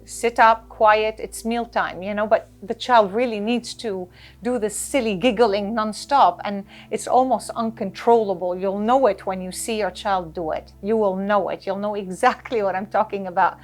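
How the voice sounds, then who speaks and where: As an interview guest, a life coach speaks earnestly about coping with stress, offering advice and acting out little scenes to illustrate her points in a lively, conversational way. Her voice is medium-pitched with a moderate pace.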